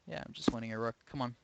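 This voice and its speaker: A man's voice: medium pitch, gravelly, muffled recording, noisy background. Man thinking aloud over a chess game. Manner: thinking aloud, hesitant, self-questioning. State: sleepy, yawning. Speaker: chess streamer. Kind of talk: live game commentary.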